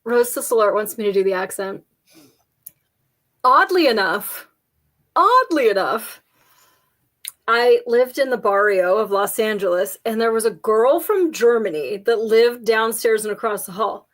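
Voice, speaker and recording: A woman's voice: on the high side, normal speed, hardly any pauses. A woman co-hosting a casual chat, telling jokey stories with lots of laughter. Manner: chatty, jokey storyteller, frequent laughs. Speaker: podcast co-host.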